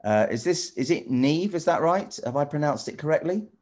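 A middle-aged man chatting casually with children over a video call, rambling and halting with lots of restarts. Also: fairly high pitch, animated, a little mellow. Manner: rambling, halting, full of restarts and "you know". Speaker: celebrity guest answering children's questions. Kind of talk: casual friendly chat with children.

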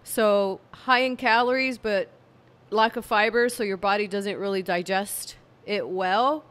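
Tired, slow-talking woman vlogger. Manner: tired, low-energy and monotone. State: fatigued. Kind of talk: casual talk to camera. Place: home room with candle and cats.

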